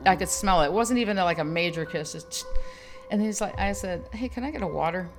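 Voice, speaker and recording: A chatty woman co-host tells a story in a relaxed podcast conversation. Her voice sits a little low, and she laughs often as she talks. Music plays clearly behind her. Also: brisk. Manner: chatty, animated, laughs while telling. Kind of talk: casual storytelling chat.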